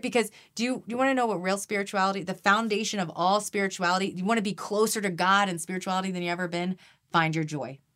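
Low-voiced earnest woman energy healer. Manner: earnest, animated, repeats phrases, drops to hushed voice for prayers. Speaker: podcast guest, energy healer. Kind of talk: conversational interview.

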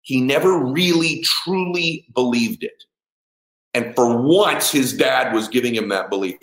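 A middle-aged father telling a personal story in an emphatic way. He swears, acts out the dialogue and breaks into shouts at the high points. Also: animated, normal speed. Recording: echoey room.

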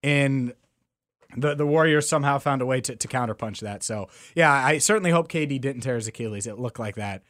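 A man co-hosting a casual sports talk show, arguing his picks with emphatic, quick bursts. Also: medium pitch, a bit bright. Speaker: sports radio co-host.

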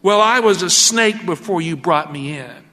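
A man's voice: high voice, lively intonation, moderate pace, sharp tone, in a large hall. A man doing a sneering, mocking snake. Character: sneering ungrateful male snake.

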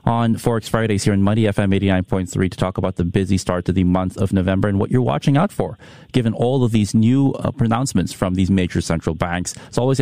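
A man's voice: lowish voice, dark tone, dry recording, studio quality. A man hosting a radio interview, asking questions and signing off politely. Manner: conversational, polite sign-off. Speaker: radio presenter.

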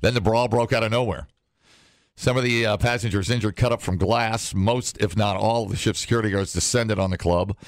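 A man's voice: fairly low pitch, fairly even intonation, brisk, dry recording, studio quality. A man hosting a morning radio show, reading news items aloud with sarcastic wisecracks in casual banter.

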